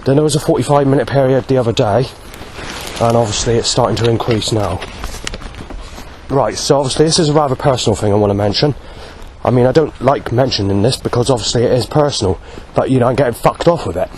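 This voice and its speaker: A man talks through a rambling video diary in a middle-pitched voice, pausing often and filling the gaps with "um". He lists items one by one in a halting, matter-of-fact way. Faint background noise sits under his voice. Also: a little mellow. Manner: hesitant, many pauses and "um"s, lists things one by one. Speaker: vlogger.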